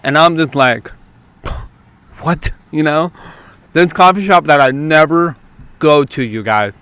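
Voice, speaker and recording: A man from California, a youth preacher, telling a story to camera outdoors at a park, lively and quick, acting out what others said. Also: fairly high pitch, smooth. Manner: lively, quick bursts, acts out quoted lines.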